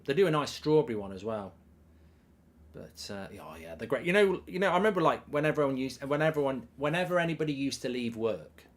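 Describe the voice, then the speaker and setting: A man hosting a live football watchalong, chatting casually, telling stories and reading out viewer messages with swearing and lively asides. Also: mid-range voice. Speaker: live stream host reading super chats.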